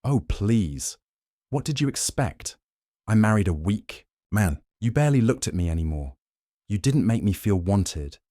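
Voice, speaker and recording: A deep-voiced man voicing a scornful, panicky unfaithful young wife, shrill and pleading, then cold and cutting. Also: big pitch swings, unhurried, warm tone, dry recording, clean studio sound.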